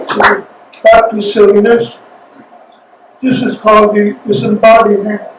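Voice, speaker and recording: A man from China giving a poetry reading with spoken asides between poems, talking haltingly with many pauses and hesitations. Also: sits high, monotone. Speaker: featured poet. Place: reading venue. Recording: roomy sound from a distant mic, faint noise.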